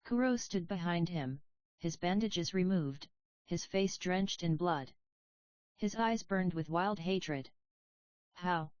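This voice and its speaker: A woman narrating a story audiobook in an even, measured reading voice. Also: fairly low pitch, no echo. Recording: dry, slightly dull audio.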